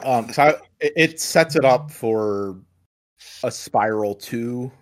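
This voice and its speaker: A man hosting a casual movie chat, halting and repeating words as he starts sentences. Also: mid-range voice.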